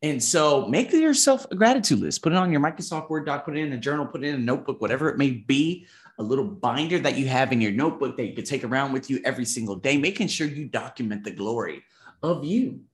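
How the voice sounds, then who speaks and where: A man in his thirties reviewing his month in a vlog, emphatic and animated, swearing casually and acting out conversations. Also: mid-range voice, fast, roomy sound. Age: 30s. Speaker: vlogger.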